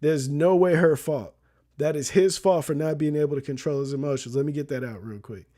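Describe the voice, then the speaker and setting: Slangy man telling a story, higher voice. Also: fairly quick, warm tone. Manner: slangy, loose, keeps asking "you know what I mean". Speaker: vlogger. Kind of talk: casual storytelling commentary.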